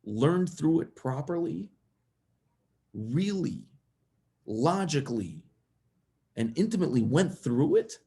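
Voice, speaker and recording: A man speaking as a guest rabbi, telling a story in a lively way that builds to a raised, passionate voice. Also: fairly high pitch, takes it slowly, creaky, long pauses. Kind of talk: storytelling talk.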